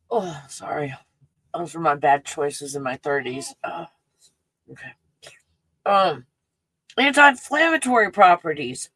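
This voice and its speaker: Excitable rambling woman livestreamer. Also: on the low side, dry recording, poor audio. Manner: excitable, rambling, swinging between hushed and loud. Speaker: livestream host. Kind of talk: casual solo livestream chat.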